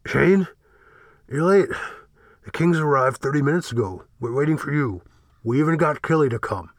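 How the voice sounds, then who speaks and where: A man voicing a worried young male priest who calls out urgently and then explains patiently, with a gravelly voice. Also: on the low side, steady tone, normal speed, no echo, studio quality. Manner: urgent, raised and strained.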